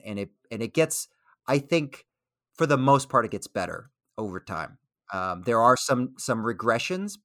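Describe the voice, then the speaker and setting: Man, thoughtful interview guest, measured, dry close sound. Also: medium pitch, a bit bright, no room sound. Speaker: guest comedian and military veteran. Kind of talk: casual interview.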